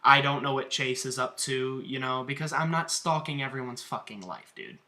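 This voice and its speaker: A man's voice: medium pitch, normal speed, sharp tone. A man who wrestles, giving a profane, combative rant in a vlog about online feuds. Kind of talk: ranting vlog commentary.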